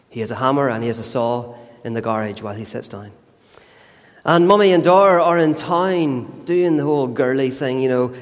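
Guy preaching, earnest storytelling, echoey church. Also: mid-range voice. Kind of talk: sermon. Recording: long church reverb.

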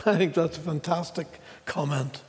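A man preaching a sermon in a slow, measured way, with dramatic pauses. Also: fairly high pitch, steady tone, long reverb tail.

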